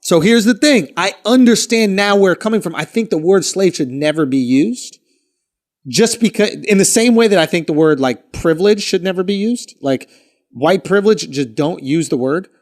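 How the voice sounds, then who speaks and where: A man's voice: high voice, lively intonation, moderate pace. A man co-hosting a podcast in casual chat, arguing his point at length in a blunt, profane way. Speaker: podcast co-host.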